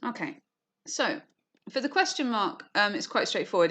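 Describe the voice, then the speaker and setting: A woman teaching an online lesson, explaining clearly with frequent "okay" and "you know", and briefly acting out quoted lines. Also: on the low side, fairly quick, a bit bright. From England. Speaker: English teacher.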